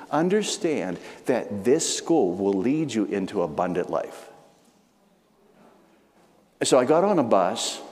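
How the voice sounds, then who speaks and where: A man preaching a storytelling testimony, with frequent restarts and animated emphasis. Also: mid-range voice. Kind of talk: testimony sermon. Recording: long hall reverb.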